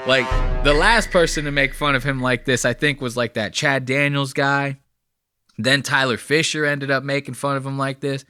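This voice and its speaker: A man's voice: medium pitch, fairly even intonation, moderate pace, pushed and bright, clear, resonant tone, no echo, studio quality, faint music behind. A man hosting a podcast, chatting casually and profanely about clips he plays, with lots of fillers. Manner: profane, rambling, filler-heavy. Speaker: podcast host.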